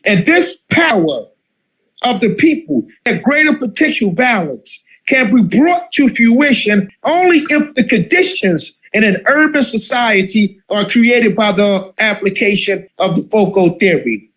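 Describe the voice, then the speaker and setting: A man leading a political study group, speaking in a fiery, impassioned way, repeating phrases and filling pauses with "uh". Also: high voice, expressive, fairly bright tone, husky, rough recording.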